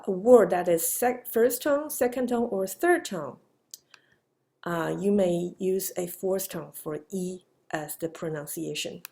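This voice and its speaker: A woman's voice: mid-range voice, creaky, a little mellow. A woman teaching a grammar lesson patiently, with many fillers and repeated example phrases. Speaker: Chinese language teacher. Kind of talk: slow grammar lesson lecture.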